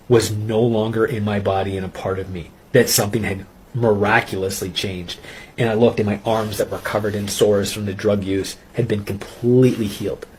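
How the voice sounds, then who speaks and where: A man telling his personal faith testimony in an earnest, intense way, pausing and restarting as he recounts it. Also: on the low side, slightly rough. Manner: earnest, intense storytelling with halting pauses. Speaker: testimony speaker.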